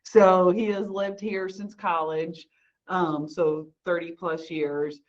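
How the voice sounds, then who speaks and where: A woman with a lower voice tells an animated personal story on a video call. The audio is dull and lo-fi. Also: slow pace. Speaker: panel participant. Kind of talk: casual anecdote on video call.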